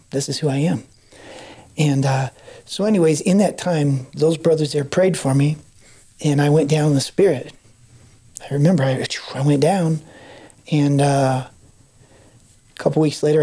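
A man's voice: fairly high pitch, dark tone, breathy edge. A middle-aged man, a podcast guest, telling a personal testimony and acting out the voices of the people in his story.

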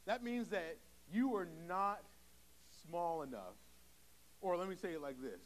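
A young man with a high, animated voice preaches a sermon at a measured pace in a church sanctuary, and the audio is poor. He talks conversationally and acts out short quoted exchanges.

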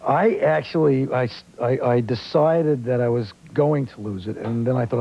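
A man's voice: medium pitch, normal speed, creaky, hardly any pauses, husky. A man from Australia who speaks with a New York accent, telling stories as an actor guest on a talk show. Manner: relaxed storytelling, animated. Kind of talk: casual talk show chat. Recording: dull lo-fi 1990s TV tape.

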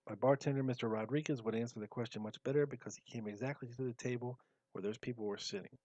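A man's voice: mid-range voice, steady tone, fast, warm tone, no echo, dull audio. Man with a dry, close sound reading testimony. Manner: casual storytelling, dry asides. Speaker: podcast host. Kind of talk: reading testimony aloud with commentary.

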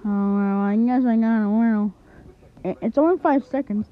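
A woman plays a dim-witted male goblin villain who stammers and whines through every answer, in a fan cartoon. The voice sits a little high and comes through a thin, phone-like recording. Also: moderate pace, natural voice. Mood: hesitant. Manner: hesitant, stammering, whiny. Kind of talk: fan animation voice acting. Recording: tinny lo-fi home recording.

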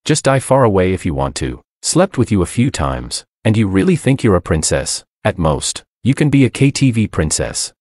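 A man with a deep voice voicing a sleazy, scheming young man who talks with an irritable sneer. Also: very animated, moderate pace, hardly any pauses, darkish tone, no room sound, clean studio sound.

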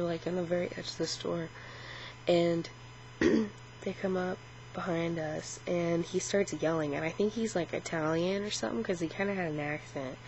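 Woman vlogger, lowish voice, rambling and profane, recorded on a dull built-in camera mic. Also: darkish tone. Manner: rambling, filler-heavy, swearing. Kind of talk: casual vlog retelling a dream. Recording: dull lo-fi camera audio with faint hum.

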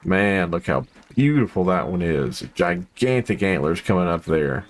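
A man with a low voice talks his way through a hunting video game. He rambles with plenty of fillers, then breaks into excited outbursts at each find. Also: unhurried. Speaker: gameplay commentator. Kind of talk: casual gameplay commentary.

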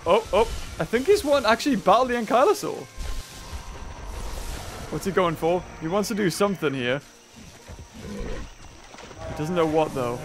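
High-voiced excitable British gaming man. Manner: bursts into loud excited shouts and laughter. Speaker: gaming YouTuber. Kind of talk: excited let's-play commentary.

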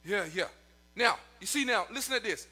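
High, bright-voiced shouting preacher. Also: male voice, expressive, moderate pace, husky, faint music behind. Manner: preaching in rising shouts, near-sung cadences; talks to the congregation and online viewers. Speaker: pastor. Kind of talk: sermon.

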